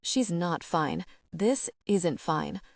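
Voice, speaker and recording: A woman's voice: slow pace, dry recording, studio quality. Woman reading a guilt-stricken young man. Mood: anguished. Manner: low, heavy, quietly broken delivery. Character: grieving young man, devastated and guilt-ridden.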